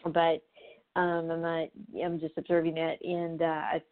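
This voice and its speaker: A woman's voice: sits low, monotone, measured pace. A woman hosting a show, talking casually in a rambling way with lots of fillers and restarts. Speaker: show host. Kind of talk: casual spoken monologue. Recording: tinny phone-line sound.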